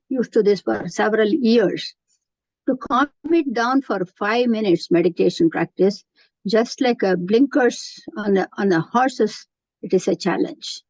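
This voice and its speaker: A woman's voice: mid-range voice, darkish tone, dry recording. A woman giving an earnest, explanatory spiritual lecture, often restarting her sentences. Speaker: Gita teacher. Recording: dull, dry lo-fi recording.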